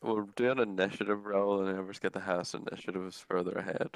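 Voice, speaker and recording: A man's voice: low voice, fairly even intonation, quick pace, clean tone, no room sound. Man joking dryly at a game table. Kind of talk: casual game chat.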